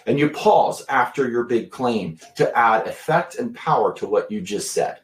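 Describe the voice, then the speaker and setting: A man giving a sales training talk, emphatic and deliberate, pausing for effect. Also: mid-range voice, animated. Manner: emphatic, deliberate pacing with long pauses. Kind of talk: instructional talk to camera. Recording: echoey room.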